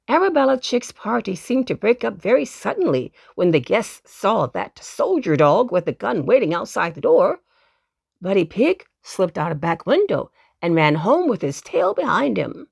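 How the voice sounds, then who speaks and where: A woman reading a children's bedtime story aloud, gentle and expressive, with playful asides to the listener. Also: on the low side, normal speed, gravelly, husky, no echo, studio quality.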